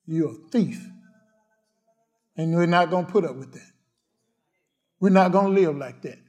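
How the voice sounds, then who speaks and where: A man preaching a fiery sermon, repeating short declarations and swinging from loud cries to hushed murmurs. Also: a little high, measured pace. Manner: repetitive declarations and cadences.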